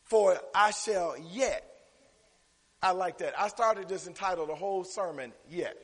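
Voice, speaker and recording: A preacher with a high voice, working the crowd with call-and-response and rising to shouted peaks. His sermon rings out through a church sanctuary with a long, hanging reverb. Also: a little slow, breathy edge. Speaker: pastor.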